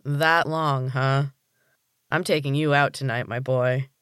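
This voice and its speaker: Male narrator plays a smug bossy gym chief, mid-pitched, dry close read. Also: steady tone, unhurried, a bit bright, clear, resonant tone, no room sound, lightly acted. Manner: smug commanding. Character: older male gym boss, smug and domineering.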